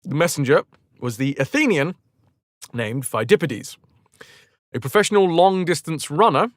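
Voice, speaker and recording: A streamer reads an old history aloud and cuts in with sarcastic jokes, his somewhat high voice swinging up and down a lot. It sounds close and dry, with no room echo. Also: very animated, moderate pace. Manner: sarcastic, joking. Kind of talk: reading history aloud with comic asides.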